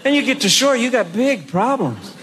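Man, stand-up comedian, animated storytelling, high voice, noisy recording. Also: normal speed. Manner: animated storytelling with bursts of shouting. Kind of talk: stand-up routine.

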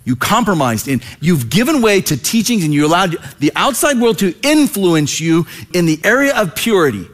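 A male pastor preaching a casual, animated sermon and acting out the people he quotes. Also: high voice, moderate pace, few pauses. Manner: animated, acts out quoted voices.

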